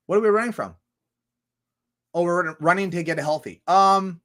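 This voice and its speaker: Profane rambling man, a bit high-voiced. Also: a little fast, a bit bright. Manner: profane, rambling, full of rhetorical questions. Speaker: streamer. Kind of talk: rambling livestream monologue.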